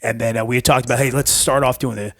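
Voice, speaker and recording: Male coach guest, middle pitch, eager storyteller, dry close recording. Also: fairly even intonation, fairly bright tone, dry recording. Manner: eager, storytelling, quick to agree. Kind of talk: casual chat.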